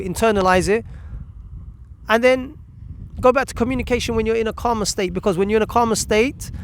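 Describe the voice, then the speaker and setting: A man's voice: high voice, gravelly, slight background noise. A man hosting a parenting channel, giving earnest advice straight to the listener, with some restarts and fillers. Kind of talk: advice talk to camera.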